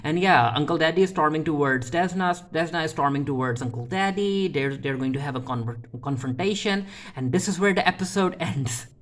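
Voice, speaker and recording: A TV episode reviewer in a casual recap, who retells scenes with quick paraphrased quotes and talks in a chatty way, with frequent fillers and restarts. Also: medium pitch, fairly bright tone.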